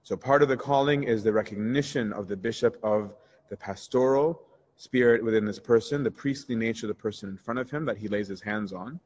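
A priest teaching a Bible study in a candid, conversational way, answering questions and telling personal stories. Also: male voice, on the low side, brisk, highs cut off. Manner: candid and conversational, shifts into animated retelling.

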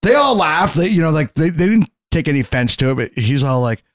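A man in casual podcast chat, telling animated stories full of swearing and quoted dialogue. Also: on the high side, fast, no echo. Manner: profane, animated, quotes others in his stories.

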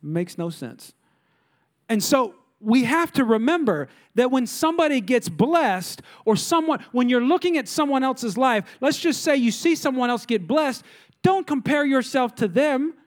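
A man's voice: very high-pitched, sing-song, a little slow. A middle-aged male pastor preaching a sermon, full of rhetorical questions and mock voices of complainers.

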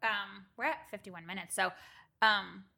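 A woman's voice: mid-range voice, unhurried, gravelly, sharp tone. A young adult woman co-hosting a podcast in casual chat, talkative, swearing freely and acting out quotes. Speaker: podcast co-host.

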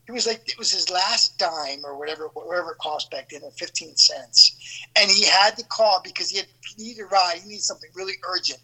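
A man in his fifties telling a story in casual chat as a podcast host, animated and acting out quoted voices. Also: high-pitched, a little fast, slightly rough, low-quality recording. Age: 50s.

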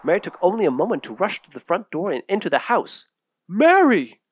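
A man narrating a storybook tale with an expressive, lively delivery. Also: sits high, fast, husky.

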